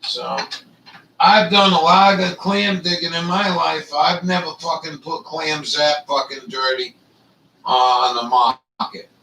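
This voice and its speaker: A man's voice: on the high side, takes it slowly, bright, forceful tone, far from the mic, a little hiss or hum, poor audio. A man hosting a casual chat, rambling and swearing a lot, with many fillers. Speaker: livestream host.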